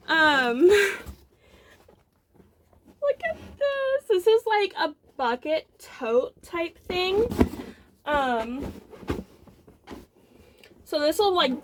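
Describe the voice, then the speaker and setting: Casting a young woman, high voice, unhurried, excitable rambling crafting chat. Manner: bubbly, rambling, many fillers, excited gushing. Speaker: knitting podcast host. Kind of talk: casual show-and-tell chat.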